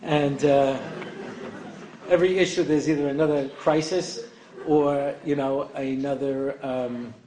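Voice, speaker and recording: A man's voice: mid-range voice, fairly even intonation, measured pace, warm tone, a little hiss or hum. An older man giving an evening lecture to an audience, rambling and joking with many asides. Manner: rambling and joking, heavy on "you know". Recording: echoey room, faint ambience.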